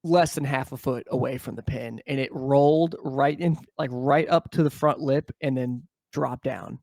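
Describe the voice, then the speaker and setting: This podcast co-host has a gravelly, medium-pitched voice and speaks at normal speed, profanely and animatedly telling stories in casual chat and mimicking the people involved. The recording is dry.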